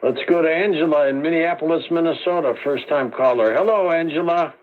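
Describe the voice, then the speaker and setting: A male radio host with a slightly high voice sets up callers and pushes his guest with brisk, leading questions. The audio is thin and tinny, like an old broadcast. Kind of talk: radio call-in interview.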